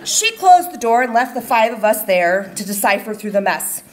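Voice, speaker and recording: Middle-aged woman, personal essay on stage, lively high voice, comic timing. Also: moderate pace, few pauses. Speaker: storyteller reading her own essay. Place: event stage before an audience.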